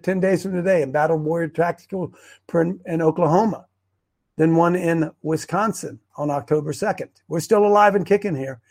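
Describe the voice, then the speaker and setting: Rambling livestream host, gravelly male voice a bit high, talking off the cuff to his group on a webcam. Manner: rambling, excitable, self-interrupting. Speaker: host of a preparedness group show. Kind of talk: rambling casual livestream talk. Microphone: webcam on a wobbly stand.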